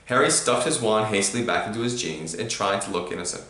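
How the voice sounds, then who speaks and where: A man reading a storybook aloud to a child, with animated emphasis. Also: on the low side, fast. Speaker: reader to a child. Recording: roomy echo.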